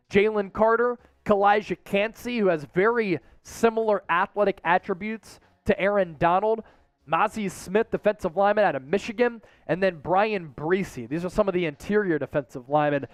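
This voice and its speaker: A man hosting a live sports draft stream, talking straight to his chat in an excitable, casual way. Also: high-pitched, dry recording. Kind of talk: live-stream commentary, chatting with viewers.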